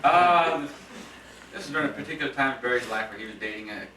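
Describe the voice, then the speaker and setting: This man's mid-range voice is animated, quick, and pushed bright as he laughs his way through a lengthy roast story, stumbling over fillers and restarts. A home video camera recorded it from afar at a birthday party, with guests around, room echo, and crowd chatter.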